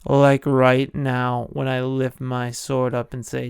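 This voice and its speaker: A male podcast host talks through a film recap, rambling and joking with open enthusiasm. His voice is gravelly yet smooth and clear, and his pace is slow. It is recorded close and dry. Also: mid-range voice, completely flat delivery, a little mellow, no room sound.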